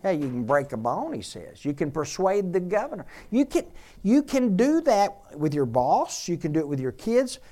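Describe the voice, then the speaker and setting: A man's voice: high-pitched, sing-song, moderate pace, mellow. A man, a pastor, preaching a sermon in a conversational way and repeating key phrases for emphasis.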